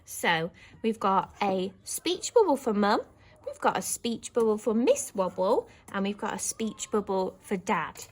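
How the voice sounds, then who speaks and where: A woman with an English accent teaching young children, speaking slowly and clearly and acting out characters' lines in big high voices. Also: lively intonation, slight background noise. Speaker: primary school teacher.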